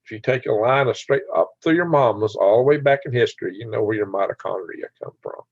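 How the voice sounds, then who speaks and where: A man's voice: medium pitch, fast, no room sound, dull audio. An older man hosting a casual livestream, rambling and laughing as he answers viewers' comments by name. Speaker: channel host reading live chat.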